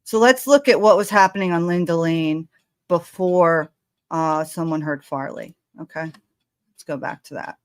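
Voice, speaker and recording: A woman on a live stream thinking aloud in a halting way as she goes over a timeline. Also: deep voice, dry recording.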